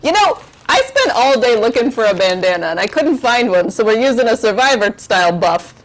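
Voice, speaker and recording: A woman's voice: a little high, sing-song, a little fast, a little hiss or hum. A woman hosting a charity livestream from her home kitchen, chatting casually in a rambling, giggly, self-mocking way on a lavalier mic. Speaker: charity stream host.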